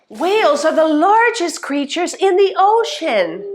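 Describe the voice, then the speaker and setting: A woman teaching songs to young children, playful and exaggerated, with a slow sing-song delivery. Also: very high-pitched, big pitch swings, slight background noise. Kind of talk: singsong preschool lesson.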